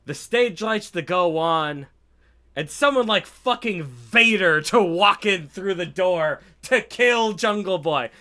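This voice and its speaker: A man's voice: high voice, pushed and bright. Profane, sarcastic man ranting. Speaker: wrestling show reviewer. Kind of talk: casual ranting commentary.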